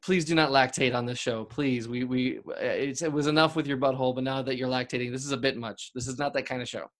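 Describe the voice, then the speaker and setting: A man's voice: mid-range voice, steady tone, fast, close to an everyday voice. A man playing a flustered, apologetic talk-show doctor who stammers and restarts constantly, hosting an improvised comedy podcast. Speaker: host.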